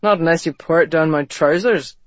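A man's voice: fairly high pitch, fairly quick, no echo, close to an everyday voice. A narrator voicing a brooding young man, speaking in a dry, self-mocking way in a storybook reading.

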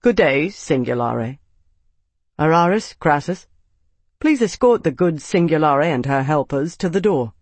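A man reading an audiobook, voicing a calm young captain who answers with dry, ironic authority. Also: fairly high pitch, measured pace, dry recording.

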